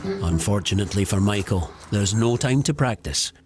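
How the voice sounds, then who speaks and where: A man's voice: on the low side, expressive, normal speed. A man narrating a documentary in a scripted voice-over with dry, wry storytelling. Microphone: studio voice-over. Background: music.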